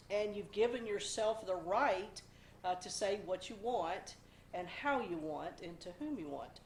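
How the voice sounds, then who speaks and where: A woman's voice: mid-range voice, a little mellow, a little hiss or hum. A woman in her forties hosting a casual weekly devotional talk, a bit under the weather, chatty and self-deprecating with playful asides. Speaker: devotional host. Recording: roomy, slightly echoey home recording.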